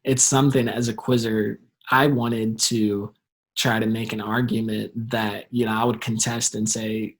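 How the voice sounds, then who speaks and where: Husky, flat-voiced man as guest. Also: lowish voice, measured pace, poor audio. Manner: hesitant, many fillers. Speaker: guest and former quizzer. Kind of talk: casual chat.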